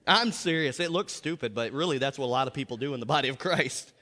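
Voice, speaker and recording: A pastor preaching a lively sermon in a church, repeating himself and laughing often. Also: male voice, mid-range voice, fast talker, in a large hall.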